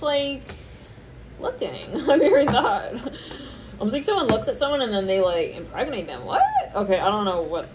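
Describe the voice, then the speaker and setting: A woman at a medium pitch gives a loose, channeled tarot reading, rambling from card to card and giggling as she goes. She jumps into squeaky high reactions whenever she mimics someone. A faint background hum sits under her voice. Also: rough recording. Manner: rambling, thinking aloud between card names, often laughing. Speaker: tarot reader.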